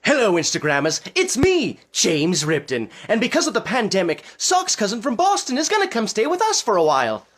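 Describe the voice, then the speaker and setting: A woman's voice: medium pitch, wildly swooping pitch, fairly quick, hardly any pauses. A woman voicing a cheerful, oblivious man in a comedy puppet skit, with a chipper, sing-song delivery. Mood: upbeat.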